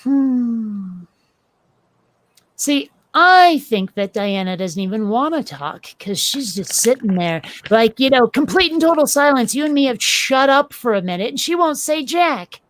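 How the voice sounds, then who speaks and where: A woman's voice: fairly high pitch, big pitch swings, measured pace, no room sound. A woman in her forties hosting a casual chat, blunt and curious, asking pointed questions. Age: 40s.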